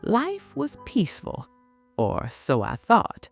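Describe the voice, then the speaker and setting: A woman's voice: medium pitch, huge pitch swings, slow pace, vocal fry, soft background music. A middle-aged woman with a Southern US accent, telling a first-person story in a folksy way. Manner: folksy, addresses listener as honey. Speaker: narrator.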